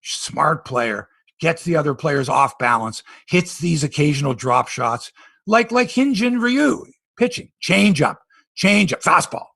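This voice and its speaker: A Canadian man hosting a casual sports podcast, telling stories with animated tangents. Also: on the high side, measured pace, gravelly, no room sound. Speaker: podcast host.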